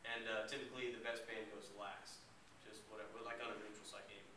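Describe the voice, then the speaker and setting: A man's voice: lowish voice, level tone, fairly quick. A young man telling a story casually and with amusement. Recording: echoey room, far from mic, noise.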